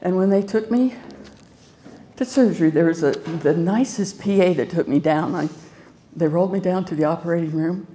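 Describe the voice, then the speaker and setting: A woman with a deep, low-pitched speaking voice tells her own story to an audience at a live festival. She talks in a plain, conversational way, earnest and full of gratitude. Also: moderate pace, dark tone, slight background noise. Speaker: organ transplant recipient telling her story. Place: festival stage before an audience.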